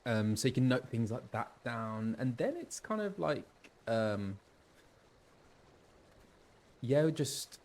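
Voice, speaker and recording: A man's voice: medium pitch, lively intonation, takes it slowly, pauses often, a little mellow. A voice actor chats casually while he plays a game. He talks easily and fills his speech with ums and likes. His voice sits in an ordinary middle male range. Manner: chatty, full of fillers. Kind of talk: casual game stream chat.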